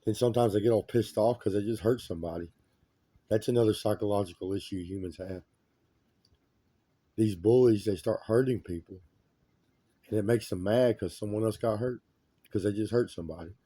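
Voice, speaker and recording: A man's voice: on the low side, a little fast, long pauses, dark tone, slightly rough, no echo. A man in a rambling, agitated monologue who repeats his complaints emphatically.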